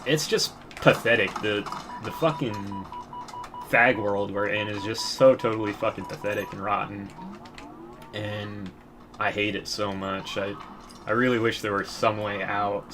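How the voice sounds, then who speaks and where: A man's voice: fairly low pitch, level tone, a little slow, music in the background. A young man giving casual gameplay commentary, telling rambling stories in a crude, profane way and often laughing.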